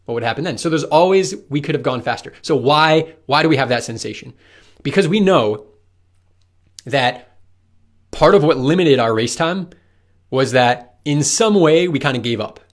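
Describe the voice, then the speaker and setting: A man's voice: fairly high pitch, animated, normal speed. A man explaining running science to the viewer in a loose, conversational coaching talk, asking rhetorical questions.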